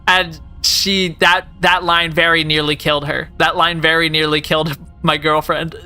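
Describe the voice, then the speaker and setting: A woman's voice: low-pitched, level tone, moderate pace, bright, forceful tone, faint music behind. A woman in her late twenties chatting casually on a live stream, rambling and joking, with lots of "like" in her speech. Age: late 20s. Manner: rambling, jokey, heavy use of "like".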